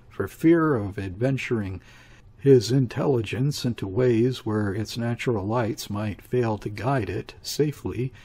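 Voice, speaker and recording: A man reading a classic novel aloud as an audiobook in a measured, even storytelling manner. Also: mid-range voice, husky. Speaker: audiobook reader. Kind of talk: literary audiobook narration.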